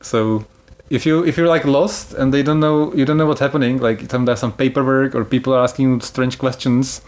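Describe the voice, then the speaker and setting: A man's voice: mid-range voice, fairly even intonation, fairly quick, darkish tone. A man hosting a casual travel podcast, explaining things in a chatty way and laughing easily. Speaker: podcast host.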